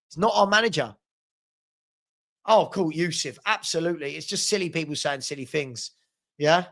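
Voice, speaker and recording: A man's voice: fairly high pitch, fairly bright tone. A young man hosting a live football watchalong, reading out viewer comments with sarcastic banter. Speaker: fan channel host.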